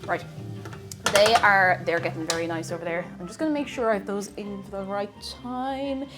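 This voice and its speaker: A woman's voice: mid-range voice, fairly even intonation, normal speed, loud music behind the voice. A woman with an Irish accent, chatting casually and laughing with her viewers as she cooks on a live stream. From Ireland. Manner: chatty, laughs often, thanks viewers by name.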